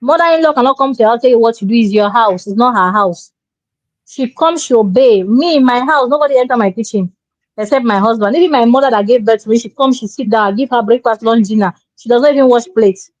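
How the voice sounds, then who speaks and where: Woman, co-host type, preachy and emphatic, slightly high voice, dull lo-fi dry sound. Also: quick pace, no echo. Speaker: relationship show co-host. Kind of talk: opinionated advice talk.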